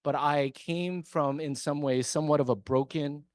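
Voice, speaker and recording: A man's voice: fairly high pitch, steady tone, normal speed, darkish tone, no echo. A man who serves on a city council, giving an earnest, emphatic speech to a meeting, repeating his points for effect. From came to America as an immigrant. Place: meeting hall.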